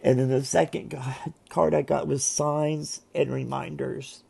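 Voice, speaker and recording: A man who reads tarot, talking to camera at home in a heartfelt, halting way with many restarts and pauses. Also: a little high, little pitch movement, gravelly, warm tone, husky. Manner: halting and emotional, with frequent restarts. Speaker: tarot reader and vlogger. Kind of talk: casual heartfelt monologue to camera. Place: at home, seated in a chair.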